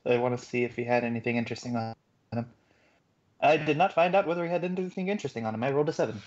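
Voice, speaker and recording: A young man playing a tabletop game, cracking deadpan jokes in casual chat, on dull lo-fi stream audio. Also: mid-range voice, very fast. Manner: joking, deadpan quips. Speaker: player.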